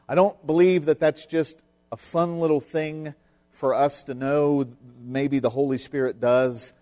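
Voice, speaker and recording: A man's voice: mid-range voice, mellow. A middle-aged man preaching a sermon, telling a personal story in an earnest, emphatic way. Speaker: pastor.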